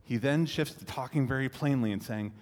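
Animated man preaching in an echoey hall. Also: mid-range voice, fairly quick, slight background noise. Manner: animated, acts out quotes, swells to loud climaxes. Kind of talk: sermon.

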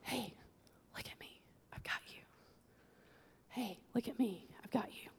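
A woman voicing God as a gentle, comforting male presence in a whispered role-play. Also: on the high side, unhurried, creaky, long reverb tail, background noise. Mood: tender whisper. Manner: soft, intimate, reassuring whisper.

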